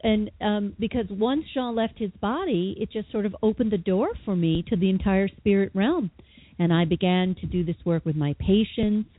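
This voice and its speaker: A woman guest, a psychotherapist and author, telling a personal story with lively, dramatic quoted voices in an interview. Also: lowish voice, breathy edge. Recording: tinny phone line.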